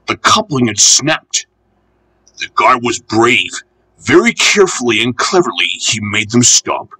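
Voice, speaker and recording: Storybook narrator, man, bright and slightly husky, with a lively, animated delivery. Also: mid-range voice, rough recording. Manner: expressive, lively reading.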